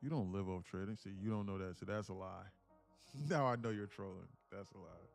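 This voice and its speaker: A man from with a gravelly voice, boasting about his trading and bantering with viewers on a live stream from his home apartment. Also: deep voice, a little fast, faint music behind. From Atlanta, USA. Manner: boastful, teasing banter with chat. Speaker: day trader streamer.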